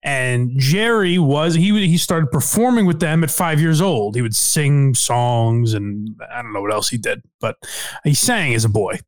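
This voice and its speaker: A man hosting a podcast in casual chat, hesitant, with many fillers and sudden upward pitch jumps. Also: animated, unhurried, no echo. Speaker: podcast host.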